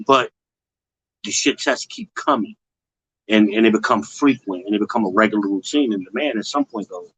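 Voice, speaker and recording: A man's voice: expressive, a little fast, a bit bright, slightly rough, low-quality recording. Blunt, slangy male livestream host. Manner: blunt, slangy, talks straight to viewers; mocks others with high put-on voices. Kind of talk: casual commentary livestream.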